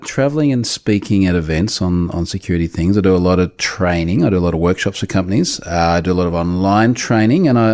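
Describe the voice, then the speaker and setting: A man with an Australian accent, a podcast guest talking in a relaxed, self-deprecating way with many fillers. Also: on the low side.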